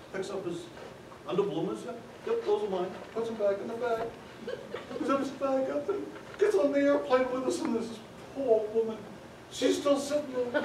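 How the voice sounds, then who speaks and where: A fairly high-voiced man spins a story for a live audience, breaking off to talk to the crowd directly. He is picked up from far off, with a heavy echo around him in the theater. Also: noisy background. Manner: chatty, with asides to the audience. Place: theater stage before an audience.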